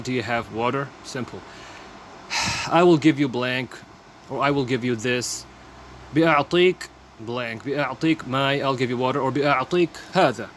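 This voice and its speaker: Man, language teacher, quick pace, patient repetition, faint background noise. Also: medium pitch, a bit bright. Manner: repeats phrases, explains each word plainly. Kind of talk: casual vocabulary lesson.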